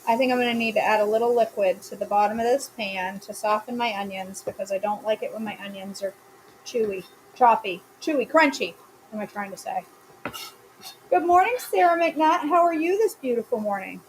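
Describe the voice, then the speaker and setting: A woman with a fairly high, brisk voice hosts a live cooking stream from her home kitchen, and the poor audio carries a little hiss or hum. She chats casually, answering viewers by name with playful, self-mocking humor.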